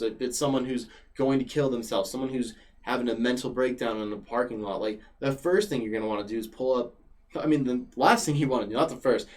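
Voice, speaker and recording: A young man chatting casually as a podcast guest, telling stories with lots of fillers. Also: mid-range voice. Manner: animated storyteller, many fillers like "like". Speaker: podcast guest and former regular.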